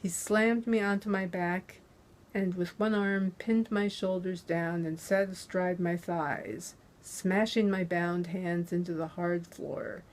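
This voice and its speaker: Slow-reading woman author narrating crime. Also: fairly low pitch, fairly even intonation, darkish tone. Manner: measured, deliberate narration. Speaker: author reading her novel. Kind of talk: first-person crime novel reading. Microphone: close handheld dynamic USB mic.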